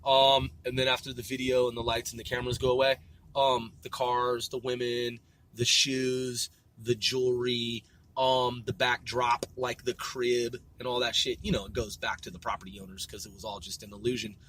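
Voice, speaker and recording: A man's voice: medium pitch, little pitch movement, normal speed, a bit bright. A man hosting a solo podcast, rambling loosely with lots of swearing, fillers and repeated words. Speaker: podcast host.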